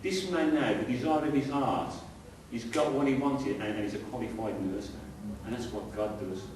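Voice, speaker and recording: A man's voice: medium pitch, moderate pace. A middle-aged man preaching a sermon as pastor, conversational, throwing rhetorical questions at the congregation. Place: church hall with congregation. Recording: very echoey hall, distant mic, faint hiss.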